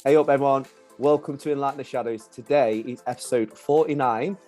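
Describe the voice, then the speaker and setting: A man's voice: mid-range voice, fairly quick, warm tone, faint music behind. A man hosting a podcast, chatting in an upbeat, matey way, with a mixed Midlands and Yorkshire accent from growing up in Lincolnshire. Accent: mixed English Midlands and Yorkshire. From Lincolnshire, England. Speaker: podcast host. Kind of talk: casual chat.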